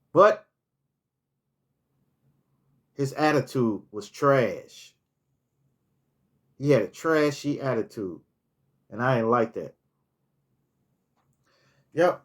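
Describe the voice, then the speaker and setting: This middle-aged man, a storytelling vlogger, gives a casual storytime monologue, rambling, restarting words and saying "you know" as he thinks back. His voice is medium in pitch and fairly bright.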